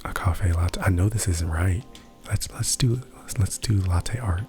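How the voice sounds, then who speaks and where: Soft-spoken man, whispered role-play. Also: sits low, a little slow, faint music behind. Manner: soft-spoken, rambling, self-deprecating. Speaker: ASMR creator.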